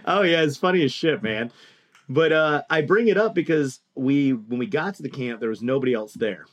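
A man telling a long story in casual chat, animated and profane, acting out the people he quotes. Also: mid-range voice, normal speed. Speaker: podcast co-host telling a story.

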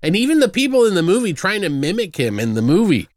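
A man's voice: sits high, very animated, fast talker, no room sound, studio quality. A young man co-hosting a casual movie review podcast, rambling and loose, swearing freely, with lots of fillers.

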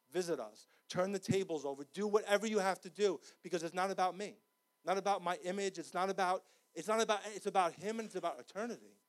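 A man preaching. His voice sits high for a man, and he moves from fervent, shouted cries to hushed, earnest appeals. The delivery is passionate and unpolished. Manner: impassioned, rising to shouts. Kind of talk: sermon. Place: church.

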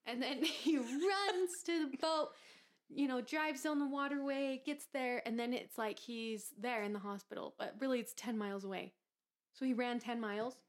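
A woman's voice: sits high, moderate pace. Playful woman reading movie trivia. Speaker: podcast co-host. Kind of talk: casual chat.

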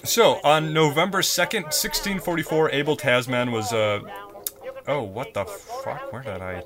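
A man's voice: medium pitch, measured pace, music in the background. A man co-hosting a casual history podcast, telling a story loosely with swearing and laughs. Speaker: podcast co-host.

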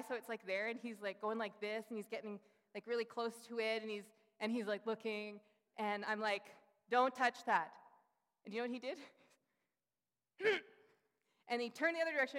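A woman in her thirties preaching a sermon, telling personal family stories and acting out the voices of the people in them. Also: on the high side. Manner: animated storytelling, acting out quoted voices. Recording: long hall reverb.

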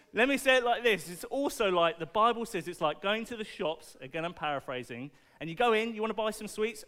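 Guy preaching to kids, high voice, super clear, playful and asking lots of questions. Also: normal speed. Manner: animated, playful, asks the audience questions. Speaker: preacher at a children's church talk. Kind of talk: lively sermon to children with object lessons.

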